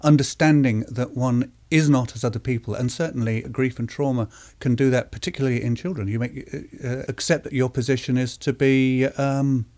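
Man from Britain, reflective radio essay, halting musing delivery, mid-pitched voice. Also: steady tone, dark tone. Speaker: presenter and writer.

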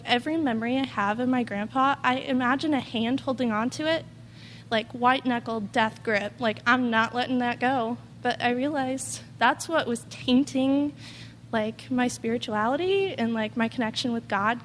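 A woman's voice: on the high side, a bit bright, in a large hall, slight background noise. A woman giving an earnest, rambling personal testimony, full of "like" and quoted asides. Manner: earnest, rambling, heavy use of "like". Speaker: testimony speaker.

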